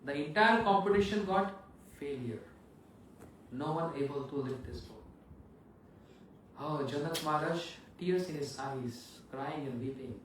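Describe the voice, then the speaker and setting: A man preaching with a dramatic storyteller's flair in a high voice. He sounds distant, his words echoing around a large hall. A faint noise hums beneath. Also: measured pace, fairly bright tone. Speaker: monk preacher. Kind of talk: sermon storytelling.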